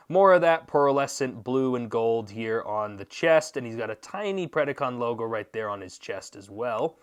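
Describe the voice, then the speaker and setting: A man talking through a toy review at an easy middle pitch, playful and chatty, tossing in goofy jokes as he goes. The voice stays close-miked and casual throughout. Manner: jokey and playful, with goofy asides. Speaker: toy reviewer and channel host.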